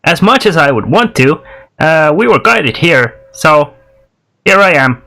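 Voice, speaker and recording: A man voicing a fussy, sharp-voiced male gnome with a mustache, prim and proud. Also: on the high side, sing-song, unhurried, voice pushed up, full character voice. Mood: haughty.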